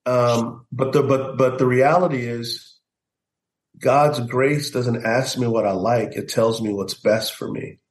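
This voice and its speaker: A man's voice: mid-range voice, steady tone, slow pace, reverberant. A middle-aged man, a pastor and guest, telling a personal testimony in an earnest storytelling way and acting out the voices he quotes. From United States.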